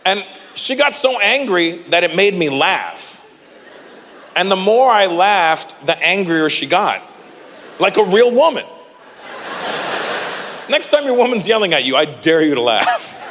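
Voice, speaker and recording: Animated stand-up comedian man in a reverberant hall. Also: sits high, measured pace, pauses often, slight background noise. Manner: animated, jumps into loud shouted character bits. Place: large live comedy venue. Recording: live venue with long reverb and faint crowd ambience.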